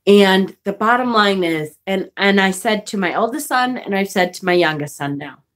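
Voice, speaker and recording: A woman's voice: medium pitch, animated, normal speed, fairly bright tone. A woman vlogger telling a story in a casual rant to her viewers, exasperated and profane, laughing as she goes.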